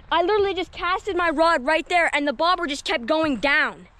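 A woman vlogging while fishing outdoors at a lake, excitable and keeps calling out to viewers. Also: high-pitched, fairly quick, hardly any pauses, slight background noise. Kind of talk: excited outdoor vlog commentary. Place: outdoors at a lakeshore.

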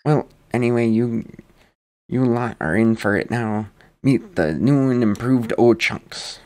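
A man doing a gruff boastful warrior brute. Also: mid-range voice, unhurried, darkish tone, lightly acted. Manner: rough folksy brogue, taunting. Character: brawny boastful male warrior, gruff and hot-headed.

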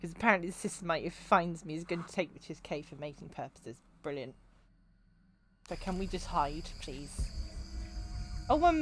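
A woman's voice: mid-range voice, a little hiss or hum. A woman, chatting and joking to herself while streaming a video game. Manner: chatty, jokey, talking to herself. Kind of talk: casual gameplay commentary.

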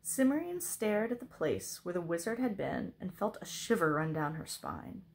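Woman reading a kids book out loud, lowish, lots of up and down. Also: sing-song, moderate pace, gravelly, slight background noise. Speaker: reader. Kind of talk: reading a children's novel aloud.

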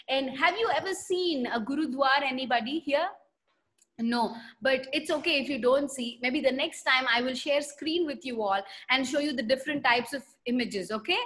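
High, lively woman teaching children. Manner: animated, asks children questions and acts out voices. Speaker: children's Sunday school teacher. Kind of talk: storytelling lesson to children on a video call. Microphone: video call.

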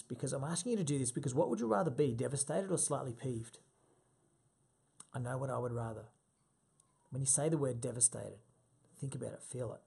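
Guy coaching people thru an exercise, raspy husky voice, keeps repeating himself. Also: medium pitch, darkish tone. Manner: direct, repetitive instructions with fillers. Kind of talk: instructional talk to a group.

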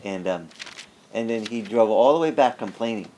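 A male pastor telling a story in a sermon, animated and conversational, acting out the people he quotes. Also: lowish voice, moderate pace. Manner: conversational with frequent restarts.

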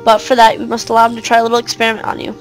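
A woman's voice: on the high side, monotone, rapid-fire, faint music behind, close to an everyday voice, low-quality recording. A woman voicing a scheming aunt who coaxes her niece in a cold, persuasive way. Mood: coaxing. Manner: coaxing, cold.

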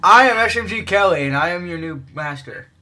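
A young man casually chatting while playing a game with a friend, excitable and prone to yelps and shouts. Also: high-pitched, a little fast. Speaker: gamer co-host. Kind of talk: casual gameplay chat.

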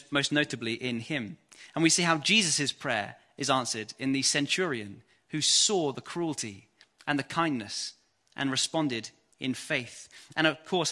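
An English man preaching an earnest, measured evening sermon and reading scripture aloud. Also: mid-range voice, bright, forceful tone.

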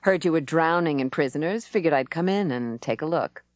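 Brief: female narrator as sly curious young man, low and close, dry audiobook sound. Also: animated, fairly quick, darkish tone, no room sound. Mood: probing. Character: young man, smooth and probing.

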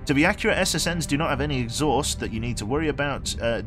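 Lively Brummie man chatting on stream. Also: mid-range voice, fast, soft background music. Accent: Birmingham. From England. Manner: chatty and self-mocking, swears freely, laughs often. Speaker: game streamer. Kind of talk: casual live-stream chat while playing.

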